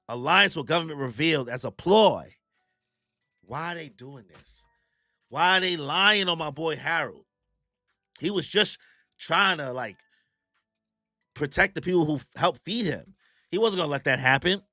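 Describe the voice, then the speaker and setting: Animated male reaction host, bright slangy delivery, dry close sound. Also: medium pitch, no room sound. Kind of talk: casual live reaction commentary.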